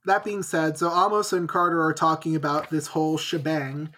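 A man's voice: a little high, flat delivery, moderate pace, pushed and bright. A man co-hosting a podcast, recapping a book in casual chat and jokingly acting out the characters' lines. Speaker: podcast co-host.

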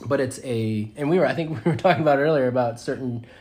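A man's voice: medium pitch, fast, darkish tone. A man co-hosting a podcast, chatting loosely and joking, with casual swearing. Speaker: podcast co-host. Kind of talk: casual chat.

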